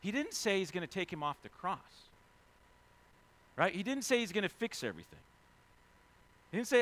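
A male pastor delivering a sermon in a bright, forceful voice pitched a little high. He reads scripture in a low, quiet tone and then lifts into loud, emphatic preaching. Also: big pitch swings, normal speed, pauses often.

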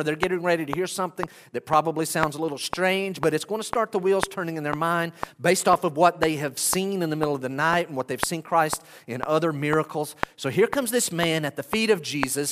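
A man preaching an expository sermon as a pastor, reading scripture with animated emphasis. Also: a little high. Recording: echoey hall with clear background noise.

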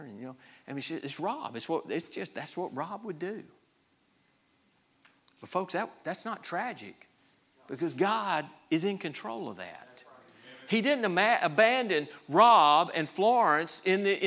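A man pastor preaching with a fairly high, bright voice. He is emphatic, repeats words as he gathers his thoughts, and swings between hushed and forceful passages. His pitch moves all over. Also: sing-song, moderate pace. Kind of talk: sermon.

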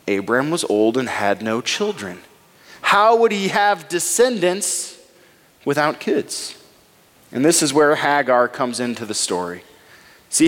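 A male pastor delivering a sermon, retelling a scripture story and reading verses aloud with dramatic pauses. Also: on the high side, a bit bright, big-room sound.

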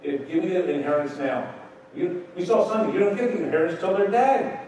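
A man's voice: high-pitched, lively intonation, fairly quick, a little mellow, slight background noise. A man preaching a Bible-teaching sermon and putting questions to his congregation. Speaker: pastor. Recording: roomy echo, distant mic.

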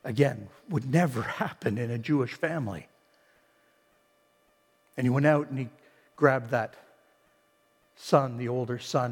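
A male pastor preaching an impassioned sermon, swinging between shouts and quiet storytelling. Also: mid-range voice, measured pace, long pauses, breathy edge. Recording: long hall reverb.

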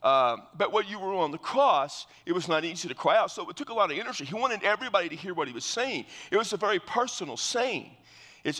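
A man's voice: sits high, lively intonation, fairly quick, pushed and bright, long reverb tail. A male pastor preaching verse by verse in an earnest, explanatory way, often restarting his phrases. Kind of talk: verse-by-verse sermon.

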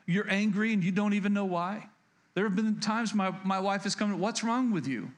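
Pastor, male, higher register; earnest preacher who repeats key points and restarts sentences. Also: little pitch movement, moderate pace. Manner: frequent stutters and restarts. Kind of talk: sermon.

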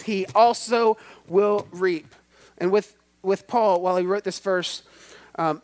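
A man preaching a sermon in a church, stretching out key words and swelling with emphasis. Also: high voice. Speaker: pastor.

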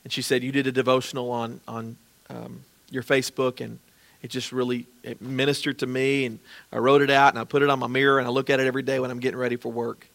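Man, pastor, gravelly, earnest sermon, pleading prayer. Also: mid-range voice, flat delivery, fast talker, fairly bright tone.

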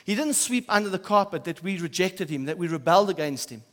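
Pastor preaching in a reverberant hall. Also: male voice, sits high, brisk, few pauses. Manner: animated preaching that swings from loud emphasis to quiet, soft asides. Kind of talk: sermon. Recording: church hall with long reverb.

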